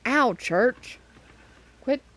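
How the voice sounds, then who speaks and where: Casual woman game streamer, profane and chatty, slightly high pitch. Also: animated, very slow, a bit bright. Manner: swears often and scolds her cat between remarks. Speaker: gameplay streamer. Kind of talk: casual gameplay commentary.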